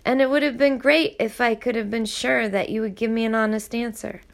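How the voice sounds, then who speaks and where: A woman reading aloud voices a guarded, world-weary man who speaks in a level, measured, blunt way. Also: on the high side, fairly even intonation, vocal fry.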